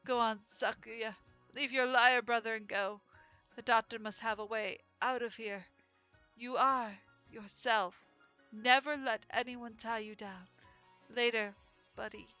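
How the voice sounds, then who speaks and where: A woman voicing a calm, laid-back young male pigeon student in a dating game, speaking gently. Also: fairly high pitch, a little slow, no room sound, faint music behind. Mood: gentle farewell.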